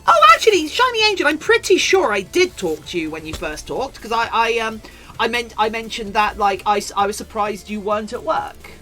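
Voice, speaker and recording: A woman's voice: mid-range voice, lively intonation, moderate pace, fairly bright tone, soft background music. A British woman streaming live, chatting playfully and mock-dramatically with her viewers while she crafts.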